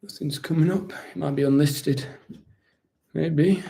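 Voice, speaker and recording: In a live-stream Q&A, a male impressionist plays a proud, weary, self-serving warrior-captain of a kingdom. His fairly high voice is gravelly and dark, moving at a measured pace as he rambles with dry mock solemnity and keeps justifying himself.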